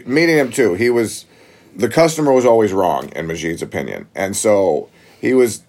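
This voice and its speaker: A gym owner, a man, telling a story in a casual interview, getting animated as he recounts the shock. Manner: animated, rises high when retelling shock.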